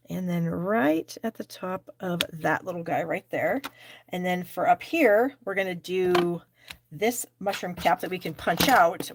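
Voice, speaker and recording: A woman's voice: on the low side, noisy background. A middle-aged woman hosting a live card-stamping class, chatty and self-deprecating as she talks herself through each step. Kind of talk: live crafting demonstration.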